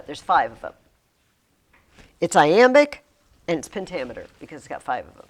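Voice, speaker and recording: A middle-aged woman teacher speaks in a classroom, and her voice swoops up and down with lively energy. She chants rhythms aloud and chats with her students as she goes. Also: lowish voice, normal speed, pauses often.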